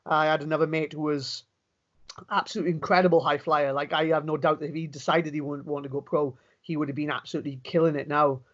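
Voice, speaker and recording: Being interviewed in casual chat, this fast-talking young pro wrestler from Wales tells stories with enthusiasm and plenty of restarts. His voice is a little high and level, and the lo-fi recording sounds dull.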